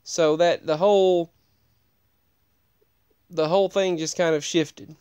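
A man's voice: a little high, steady tone, slow pace, a little mellow, smooth, no echo, lo-fi sound. A man casually telling a personal story in a rambling, digressive way, often restarting his sentences.

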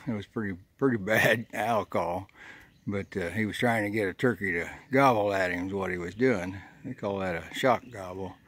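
A man's voice: lowish voice, moderate pace, fairly bright tone, no room sound. A man, rambling and folksy as he vlogs outdoors on a ridge trail, short of breath from the climb. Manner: rambling, folksy, thinking aloud. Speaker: hiking vlogger. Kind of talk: casual vlog narration while hiking.

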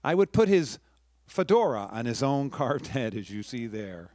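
A man's voice: mid-range voice, sing-song, normal speed, a little mellow, dry recording, studio quality. A middle-aged man from New York, a professional storyteller giving a chatty talk to a live audience, with friendly asides and restarts.

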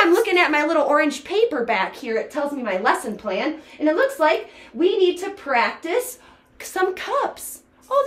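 Woman, toddler music teacher, sing-song chanting, lively pitch, echoey room. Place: indoor room, sitting on floor.

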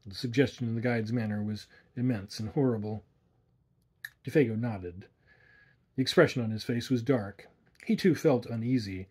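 A man reading a horror story aloud in measured, atmospheric narration. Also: mid-range voice, dark tone, breathy edge. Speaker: audiobook narrator. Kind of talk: scripted narration.

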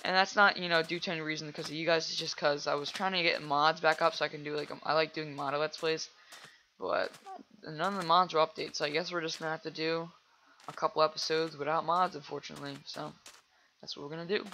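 A man giving casual let's play commentary while he plays, rambling chattily with lots of fillers and breaking into loud excited reactions to the game. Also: on the high side, quick pace, a little hiss or hum. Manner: rambling and chatty, full of "like" and "you know".

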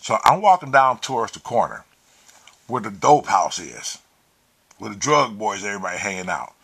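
A man telling a profane, animated story, acting out the quotes. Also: fairly low pitch, moderate pace, gravelly, slightly rough. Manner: animated, swears freely, acts out quotes. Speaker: vlogger.

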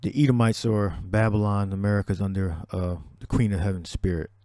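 Man preaching on scripture, low mellow voice, dry sound, loose and repetitive. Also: steady tone, fairly quick, no echo. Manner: repetitive, restarts, scripture-heavy. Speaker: religious teacher. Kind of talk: preaching commentary on a video.

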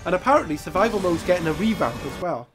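Congested man with lively pitch. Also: fast talker, music in the background. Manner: chatty, exclaims at game mishaps. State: congested and nasal from a cold. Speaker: gaming YouTuber. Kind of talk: gameplay commentary.

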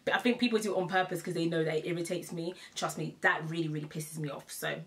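A young adult woman talks straight to her camera in a loose, chatty vlog. Her voice sits a little low for a woman. She laughs often and leans on repeated phrases for emphasis. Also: fairly even intonation, fast talker, fairly bright tone. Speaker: vlogger. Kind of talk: casual to-camera chat.

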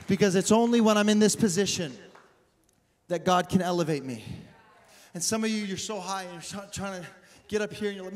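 A man preaching a sermon as pastor, talking casually, laughing often and building up to shouts. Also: high voice, brisk. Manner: casual slang, acts out quoted voices. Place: large church hall. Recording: long reverb of a large hall.

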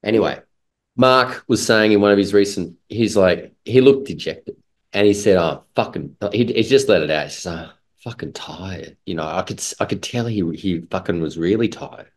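A man's voice: on the low side, moderate pace. A man, a guest in a casual talk, rambling in an emphatic and heavily profane way. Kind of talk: casual conversation.

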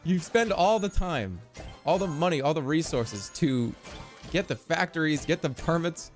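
Male streamer, casual gameplay chat, excitable and swearing, lively pitch, faint music behind. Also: moderate pace. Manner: excitable, profane, joking.

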